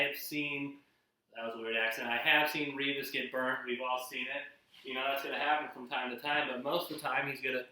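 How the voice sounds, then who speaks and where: A man's voice: mid-range voice, sharp tone, distant mic. A young man hosting a casual cooking show, talking football while he bakes, rambling with lots of fillers and restarts. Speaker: host. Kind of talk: casual cooking vlog with sports talk. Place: home kitchen. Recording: echoey room, a bit off-mic.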